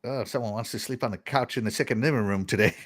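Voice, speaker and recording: Rambling middle-aged Texan podcast host. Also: male voice, lowish voice, fast, fairly bright tone. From Texas. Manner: rambling, laughs often. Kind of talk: casual chat, reading viewer comments.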